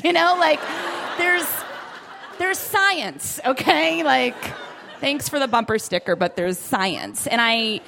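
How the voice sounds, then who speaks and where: A young woman doing stand-up in a comedy club, her voice high and bouncing all over the place. She talks in a chatty, self-deprecating way, full of "like"s. A faint murmur of the room sits behind her. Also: animated, takes it slowly, vocal fry, bright, forceful tone, a little hiss or hum. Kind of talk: stand-up set. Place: comedy club stage with audience. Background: audience laughter.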